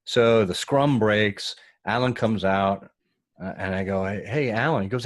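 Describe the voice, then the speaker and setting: A man with a low voice tells a story in casual conversation. He gets animated and acts out the voices of the people in it. The recording is dry and close. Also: measured pace, no echo. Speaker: guest.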